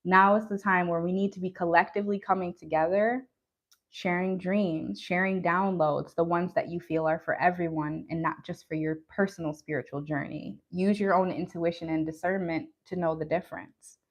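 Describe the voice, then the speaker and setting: A woman's voice: lowish voice, fairly even intonation, moderate pace, muffled recording. A woman hosting a live tarot stream, talking casually and earnestly to her viewers about spiritual practices, with frequent ums and you-knows. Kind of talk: casual live-stream talk answering chat.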